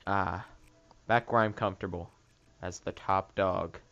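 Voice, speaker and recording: A man's voice: sits low, fairly even intonation, unhurried, vocal fry, fairly bright tone, highs cut off, soft background music. A man doing casual commentary over an online game, sarcastic and ranting, swearing freely and joking about the other players. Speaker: gaming YouTuber.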